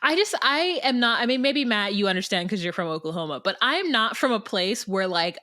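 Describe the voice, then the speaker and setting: A woman's voice: mid-range voice, expressive, fairly quick, pushed and bright. A woman guest in a casual podcast chat, giving blunt, opinionated takes and swearing freely.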